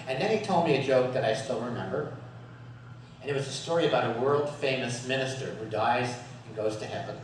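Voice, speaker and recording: A man's voice: medium pitch, a little hiss or hum. A man giving a humorous talk as guest speaker at a Sunday service, storytelling with jokes and frequent chuckles. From USA. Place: worship hall. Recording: echoey hall from far off.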